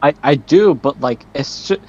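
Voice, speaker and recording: A podcast co-host on a remote call, chatting casually in a halting, drawn-out way with lots of fillers. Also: mid-range voice, a little mellow. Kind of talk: casual chat. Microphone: remote call audio. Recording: dull lo-fi call audio.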